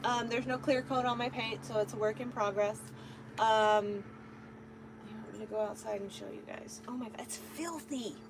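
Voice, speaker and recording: A woman's voice: fairly high pitch, steady tone, moderate pace, noisy background. A woman truck driver chatting casually on a live stream from her truck cab, rambling with lots of ums.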